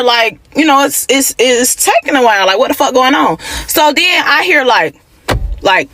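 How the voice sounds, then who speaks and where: Woman w/ high voice, cussing thru a storytime rant, aave. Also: normal speed. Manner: profane, animated storytelling.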